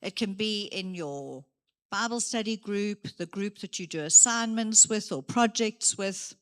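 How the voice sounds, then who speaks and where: A woman giving a motivational career day talk in a church hall, lively and full of acted examples. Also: mid-range voice, measured pace. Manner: lively, gives acted examples, moves around.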